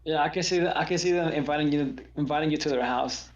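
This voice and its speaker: A man's voice: on the high side, fast talker, reverberant, highs cut off. A man chatting casually as co-host, laid-back, often repeating himself. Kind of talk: casual chat.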